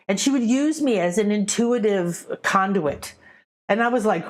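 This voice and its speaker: A middle-aged woman, a spiritual teacher, giving a chatty, animated spiritual talk to a live audience and acting out quoted voices. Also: a little high, a little fast.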